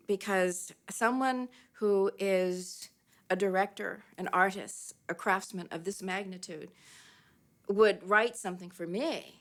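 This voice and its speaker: An older woman in an interview, telling an animated anecdote and acting out the quoted lines with big pitch jumps.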